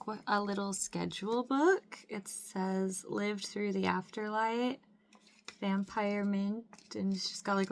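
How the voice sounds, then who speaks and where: Young woman vlogger, excitable unboxing chatter, gravelly fry, mid pitch, frequent squeals and laughs. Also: slight background noise. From Mississippi. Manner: gushing, squeals and laughs often, says "like" a lot. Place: home room with window.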